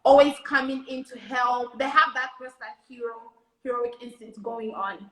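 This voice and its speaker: High, bright-voiced woman in an echoey room. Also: steady tone, moderate pace, heavy background noise. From Zambia. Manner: earnest, explains with conviction. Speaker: co-host and minister. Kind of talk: casual live-stream talk.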